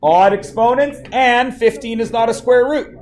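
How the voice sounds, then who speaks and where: A man's voice: very high voice, normal speed, a little hiss or hum. A male math teacher in a classroom, playfully quizzing his students and joking with them. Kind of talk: classroom lesson.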